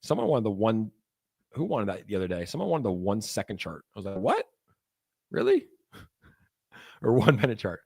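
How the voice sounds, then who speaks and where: A man's voice: lowish voice, sing-song, moderate pace, gravelly, long pauses, a little mellow, slightly rough. A young man hosting a casual crypto livestream, talking in a hyped, joking and profane way. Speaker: crypto streamer.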